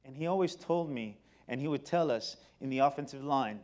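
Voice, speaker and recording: A middle-aged man giving a personal storytelling talk on stage, animated, moving between loud excited bursts and quiet low passages. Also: a little fast. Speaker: company speaker. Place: stage before an audience.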